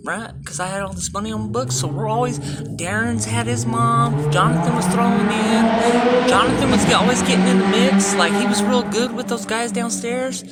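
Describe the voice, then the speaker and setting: A woman's voice: medium pitch, noisy background. A woman vlogger rambling through casual, profane stories, laughing often. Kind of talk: casual storytelling.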